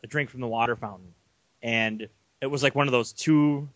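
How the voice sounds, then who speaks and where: A young man co-hosting a casual sports podcast, telling long rambling stories with animated energy. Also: medium pitch, normal speed, dry recording. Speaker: podcast co-host.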